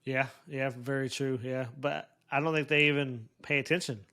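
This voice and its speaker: A man's voice: medium pitch, steady tone, moderate pace, sharp tone. A man co-hosting a casual episode review, rambling with restarts and laughing often. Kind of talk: casual chat.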